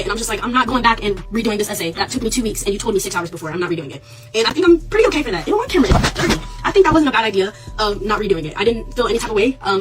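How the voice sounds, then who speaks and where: Give me a young woman student telling her story fast and bluntly on a livestream. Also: medium pitch, a bit bright, distant mic, poor audio. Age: young adult. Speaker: college student.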